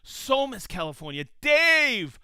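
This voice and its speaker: A man hosts a live stream with a bright, clear voice that sits high and swings widely in pitch. He sounds enthusiastic as he greets viewers by name and hometown. The sound is close and dry. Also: big pitch swings, slow pace, no echo. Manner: enthusiastic, reads out viewer locations. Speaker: host of a live tool show. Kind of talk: casual live-stream chat.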